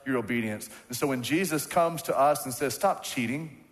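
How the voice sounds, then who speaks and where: A man's voice: mid-range voice, fairly quick. Man preaching in a reverberant sanctuary. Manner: call-and-response preaching, emphatic repetition. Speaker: pastor. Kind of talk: sermon. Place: church sanctuary. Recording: church hall with long reverb.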